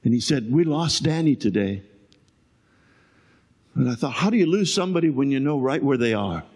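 An older man preaching a sermon, moving between shouted lines and quiet storytelling. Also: medium pitch, expressive, normal speed, husky. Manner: swings from shouting to hushed storytelling. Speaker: pastor.

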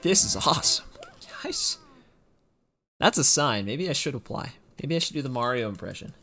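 A man's voice: mid-range voice, expressive, quick pace, bright, forceful tone, soft background music. A young man speedrunning a game on a live stream, chatting casually and making self-deprecating jokes to his viewers.

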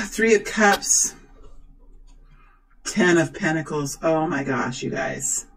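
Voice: mid-range voice, slow, low-quality recording. A tarot reader talking to viewers during a card reading, gushing and exclaiming. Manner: excitable, exclaims and gushes.

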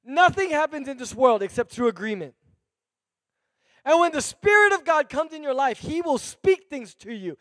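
Man preaching in church, high voice, lively conversational delivery, dry sound. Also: normal speed, dry recording. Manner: animated preaching with conversational asides. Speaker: pastor. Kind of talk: sermon.

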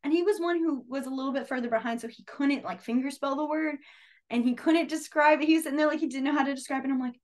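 A young woman teaching a beginners' sign language class, chatty and full of fillers, telling lively classroom stories. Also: high voice, fast talker. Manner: chatty, filler-heavy, animated storytelling. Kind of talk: casual teaching with anecdotes.

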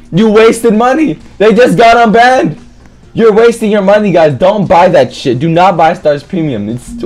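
Excitable swearing gamer guy. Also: high-pitched. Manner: excitable, swearing, trash-talking. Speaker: gaming streamer. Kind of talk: live gameplay commentary.

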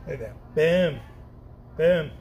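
A middle-aged man from Mexico teaching painting in a casual, excitable, slangy way, laughing often and repeating himself. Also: on the high side, slow, a little hiss or hum. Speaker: painting instructor. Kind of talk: casual chat while painting.

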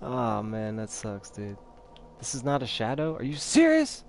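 Slow-talking, taunting let's play host, a man. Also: medium pitch, huge pitch swings, slight background noise. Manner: taunting, trash-talking, laughing at enemies. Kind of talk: gameplay commentary.

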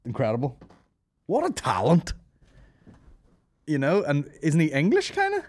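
Man, comedy podcast host, sweary rambling banter, animated up-and-down pitch, dry close sound. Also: unhurried, dry recording. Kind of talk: crude casual banter.

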